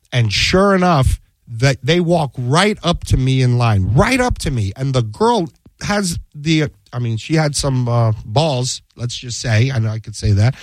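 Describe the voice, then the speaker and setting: A man's voice: mid-range voice, no room sound. A man who works as a defense attorney, telling a courtroom story in a casual chat and acting out the quoted dialogue. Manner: animated, acts out quoted dialogue.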